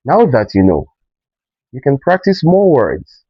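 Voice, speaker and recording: A man teaching pronunciation in a slow lesson, stressing each example word. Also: fairly low pitch, sing-song, dry recording, lo-fi sound. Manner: emphatic, drawn-out example words.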